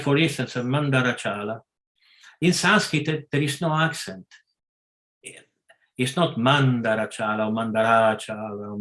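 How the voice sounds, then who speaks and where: Slow, halting man teaching a scripture class. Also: medium pitch, a bit bright. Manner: halting, many pauses and self-corrections. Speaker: class speaker.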